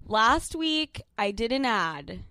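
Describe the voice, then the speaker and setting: A woman in her twenties co-hosting a podcast, telling animated stories with a lot of swearing. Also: on the high side, slow, no room sound, clean studio sound. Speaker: podcast co-host. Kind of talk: casual chat.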